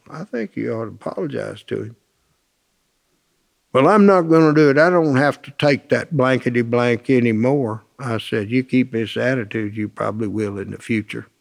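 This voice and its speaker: A man's voice: mid-range voice, gravelly. A man telling plainspoken, colloquial anecdotes with lots of quoted dialogue, in a folksy storytelling talk.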